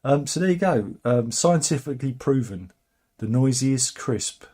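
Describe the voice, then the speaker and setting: A man's voice: mid-range voice, lively intonation, a little slow, dark tone. Sardonic British man rambling through news. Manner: sardonic, rambling, chuckling asides. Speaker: host of a satirical news channel. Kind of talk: casual satirical news commentary.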